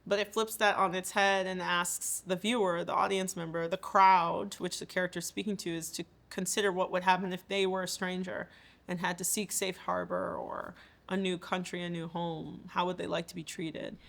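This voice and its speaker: A woman's voice: lowish voice, level tone, moderate pace, creaky, a bit bright. A woman composer and theater maker talking about her work in a thoughtful, earnest way. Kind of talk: reflective interview talk.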